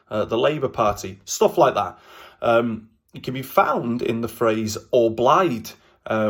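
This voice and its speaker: A man with a Welsh accent teaching a language lesson in a relaxed, chatty way, often pausing with ums and uhs. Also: fairly low pitch. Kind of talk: casual explanatory language lesson.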